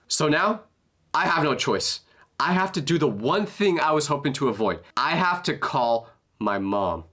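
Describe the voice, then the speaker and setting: A young man in his twenties narrating a comedic storytime in an animated, self-mocking way. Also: mid-range voice.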